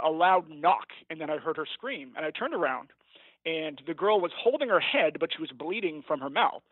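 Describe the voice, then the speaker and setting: Teacher guest, male, slightly high voice, rambling storyteller, dry tinny phone-like line. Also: dry recording. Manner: rambling, self-correcting, laughs at his own story. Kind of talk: storytelling in a podcast interview.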